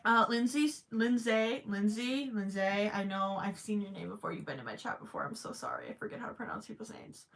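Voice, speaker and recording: A woman's voice: mid-range voice, big pitch swings, fast, vocal fry, hardly any pauses, fairly bright tone. A young woman livestreaming while she crochets, chatting casually and reading viewer comments aloud.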